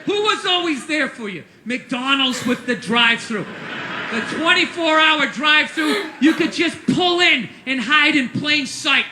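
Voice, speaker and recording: A man doing a stand-up comedy rant, profane and exasperated, bursting into shouts. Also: very high voice, lively intonation, a little slow, roomy sound, background noise.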